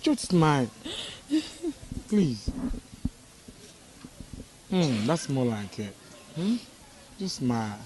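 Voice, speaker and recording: A man's voice: medium pitch, very animated, very slow, long pauses, a little mellow, a little hiss or hum. A tender devoted village man. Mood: comforting. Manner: soothing, tender. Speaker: actor. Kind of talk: Nollywood film acting. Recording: film audio with music.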